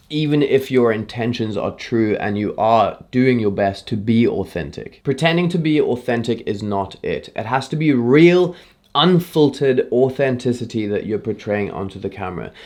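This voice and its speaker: A man talking straight to camera in a casual tutorial. He sounds relaxed and chatty, and he shifts his speed and emphasis to drive his points home. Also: mid-range voice. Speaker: YouTube creator teaching on-camera presenting.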